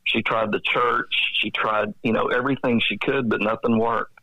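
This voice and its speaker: A man's voice: fairly low pitch, steady tone, normal speed, pushed and bright, no echo, low-quality recording. A Texan man in his fifties, a nonprofit executive director, earnestly telling his life story in a podcast interview. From Dallas, Texas. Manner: earnest, reflective storyteller who acts out past dialogue.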